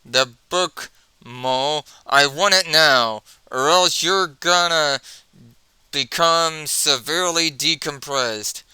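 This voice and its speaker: A man's voice: on the high side, slow, bright, forceful tone, clear, resonant tone, dry recording, exaggerated voice, rough recording. A man reading the lines of a cocky male space raccoon from a comic, brash and bossy.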